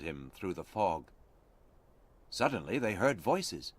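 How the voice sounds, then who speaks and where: A man narrates a storybook slowly and clearly, his pitch rising and falling with great liveliness. His reading is expressive and unhurried. The recording is dry and close, with no room sound. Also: no room sound. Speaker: audiobook reader.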